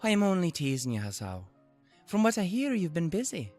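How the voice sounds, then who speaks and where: A man voicing a refined, soft-spoken young woman in a put-on Scottish accent. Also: sits high, wildly swooping pitch, brisk, soft background music, voice pushed up. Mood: teasing.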